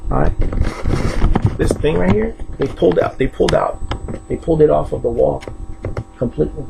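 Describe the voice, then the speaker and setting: A man's voice: fairly high pitch, lively intonation, moderate pace, creaky, background noise. A man from Haiti ranting to camera in his apartment, aggrieved and repetitive, often rising into outbursts. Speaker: preacher. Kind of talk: agitated video rant. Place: apartment, indoors.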